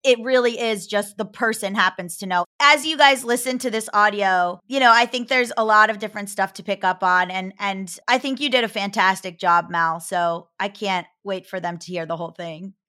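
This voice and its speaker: A woman's voice: mid-range voice, normal speed, few pauses, pushed and bright, clean tone. A woman hosting a podcast, direct and to the point in casual chat. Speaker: podcast host.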